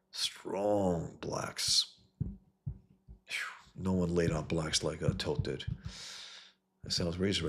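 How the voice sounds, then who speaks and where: Male comics host, very low gravelly voice, eager and rambling, casual stream talk. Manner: enthusiastic, repeats himself, restarts often.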